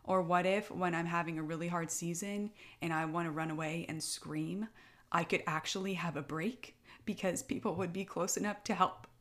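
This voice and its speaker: A woman's voice: on the low side, steady tone, normal speed. A young woman, a military spouse, chatting in a casual, emotional way, tearful and rambling with many fillers. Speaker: podcast co-host, military spouse. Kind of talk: casual heartfelt chat.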